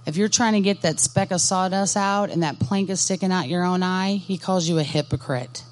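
A woman's voice: fairly low pitch, moderate pace. A woman giving a Christian ministry workshop talk, speaking in an earnest, direct way and putting questions to her audience. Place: conference workshop session.

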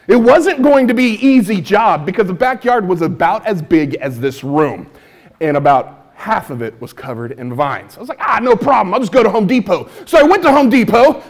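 A male stand-up comedian telling a story to an audience, acting out his own lines and now and then shouting them. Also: high voice.

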